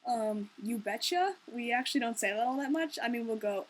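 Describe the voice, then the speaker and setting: A woman's voice: on the high side, expressive, fast, few pauses. A young woman from Minnesota chatting casually in a vlog, with a wry, joking, easygoing manner. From Minnesota, Twin Cities area. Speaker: vlogger. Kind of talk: casual unscripted vlog chat.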